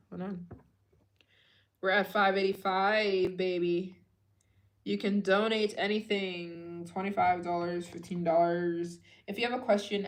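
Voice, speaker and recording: A young woman hosting a travel fundraiser livestream late at night, tired and chatting loosely with viewers, trailing into low murmurs between bursts of excitement.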